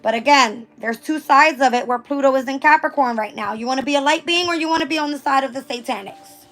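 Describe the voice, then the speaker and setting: Hoarse-voiced woman giving a tarot reading. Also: high-pitched, quick pace, a bit bright, soft background music. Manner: reads passages aloud then riffs casually, swears. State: hoarse, losing her voice. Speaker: tarot reader. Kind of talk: casual collective tarot reading.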